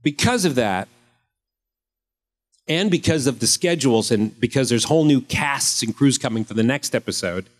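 Actor in his fifties, fan panel Q&A, loose and jokey storyteller, mid-pitched voice. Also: lively intonation, moderate pace. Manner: joking, rambling anecdotes with comic voices. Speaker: actor answering fan questions. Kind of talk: casual convention panel Q&A. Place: convention panel room.

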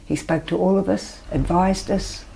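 An older Australian woman telling her personal story as an interview guest, soft-spoken and often trailing off into near-whispers. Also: on the low side, fairly even intonation, moderate pace, vocal fry, low-quality recording. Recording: faint background noise.

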